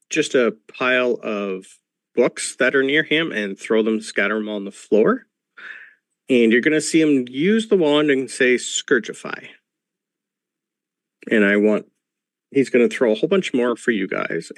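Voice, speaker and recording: A man lectures his players as a school professor, slowly and patiently, filling pauses with ums. His voice sits in the middle range for a man. The sound is dry and close, picked up over a video call. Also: medium pitch, fairly bright tone, no echo. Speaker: game master playing a professor. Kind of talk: narrating a tabletop game over a video call.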